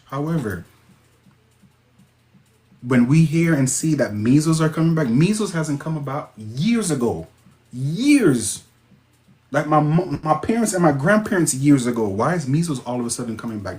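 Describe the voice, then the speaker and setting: Casual male livestream host, Jamaican accent, middle pitch, reacts to chat with sudden high outbursts. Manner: excitable, interjects sudden high-pitched exclamations. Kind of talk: casual livestream chat reading viewer comments.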